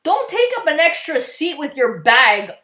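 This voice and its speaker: A woman's voice: sits high, sing-song, measured pace, bright, forceful tone, roomy sound. A woman vlogger ranting in exasperation, swearing freely and often restarting her sentences. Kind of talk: profane ranting commentary.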